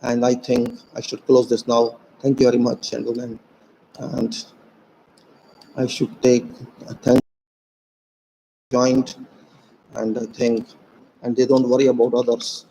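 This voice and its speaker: A man's voice: medium pitch, little pitch movement, warm tone, a little hiss or hum. Earnest Indian-accented man, reverberant room. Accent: Indian English. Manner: earnest, emphatic, with slow stressed phrases. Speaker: engineer speaking to viewers. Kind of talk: impassioned informal monologue.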